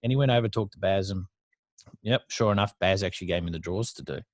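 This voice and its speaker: A man's voice: low-pitched, fast talker, no echo, clean studio sound. A man in his thirties with an Australian accent, telling stories as a guest in a casual interview, blunt and chatty, swearing freely. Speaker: guest entrepreneur.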